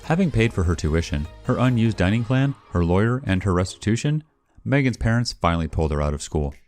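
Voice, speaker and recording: A man reading a first-person story aloud in a wry, expressive way, as the channel's narrator. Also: lowish voice, fairly quick. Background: faint background music.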